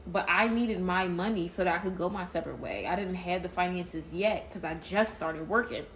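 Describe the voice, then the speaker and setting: A woman's voice: fairly low pitch, moderate pace, few pauses, fairly bright tone, slight background noise, poor audio. A woman telling a personal story in a casual, emphatic way, speaking straight to her listeners. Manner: emphatic, addresses listeners as y'all.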